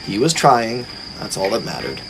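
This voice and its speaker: A man reads a storybook aloud, with lively, expressive narration. His pitch moves freely up and down as he tells it, and faint music plays underneath. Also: moderate pace. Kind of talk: storybook reading.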